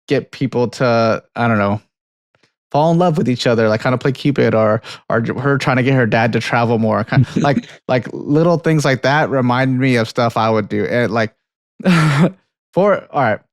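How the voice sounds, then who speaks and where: On a casual film podcast, a young co-host with a medium-pitched voice speaks at normal speed in echo-free, studio-quality audio. He wanders through a story and film talk, laughing frequently, swearing without restraint and restarting his sentences.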